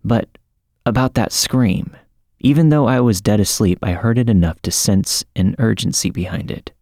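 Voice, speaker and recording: A man narrating a scripted horror story in a measured, dramatic way. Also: on the low side, animated, a little mellow, no echo, clean studio sound. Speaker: podcast narrator.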